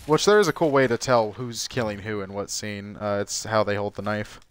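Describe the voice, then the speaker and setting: A man's voice: lowish voice, fairly quick, clean tone. A man, a gaming YouTuber, chatting casually while playing, rambling and swearing freely. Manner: rambling, sweary, restarts often. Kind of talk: casual let's-play chat.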